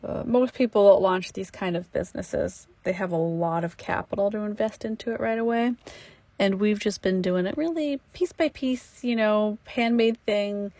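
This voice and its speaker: A woman's voice: medium pitch, normal speed, warm tone, no room sound, poor audio. A woman vlogging casually while she works on a building project at her campground, chatty and self-deprecating. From United States. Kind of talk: casual vlog narration. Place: outdoor campground building site.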